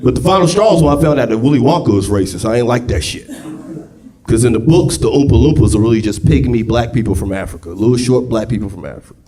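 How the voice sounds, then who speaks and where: A male stand-up comedian doing a raunchy set on a club stage, profane and shouting his punchlines into a handheld mic. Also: medium pitch, animated, quick pace. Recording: live club with loud audience laughter.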